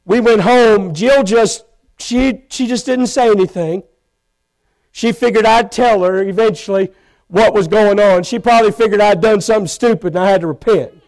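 A man preaching a sermon in a church, telling his own story with feeling and rising to loud pleading. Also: high-pitched, moderate pace. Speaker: pastor. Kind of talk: sermon testimony. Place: church sanctuary.

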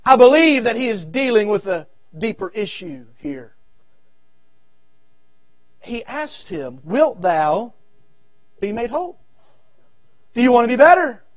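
Southern baptist guy preaching revival, real high voice, goes from yelling to almost whispering. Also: very animated, measured pace, long pauses, no room sound. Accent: American Southern. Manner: swings from shouted appeals to low murmurs, repeats phrases. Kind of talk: revival sermon. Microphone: audio recording of a church service.

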